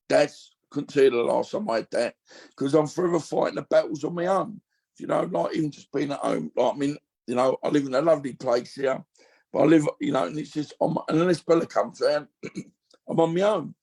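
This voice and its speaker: Gravelly fifty-something man. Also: a little high, lively intonation, quick pace, darkish tone. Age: 50s. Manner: rambling, emotional, full of you-knows. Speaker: podcast guest. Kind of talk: candid casual chat.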